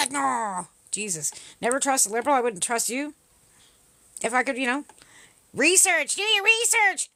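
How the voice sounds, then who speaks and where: A woman's voice: on the high side, a bit bright, dry recording. A woman hosting a livestream, arguing with commenters in a combative, profane, mocking manner. She is from Canada. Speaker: livestream host. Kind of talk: livestream chat replying to comments.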